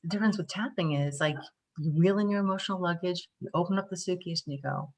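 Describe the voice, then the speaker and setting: A woman from the Northeastern US teaching a live online tapping workshop, chatty and animated, acting out little scenes as she explains. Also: on the low side, quick pace.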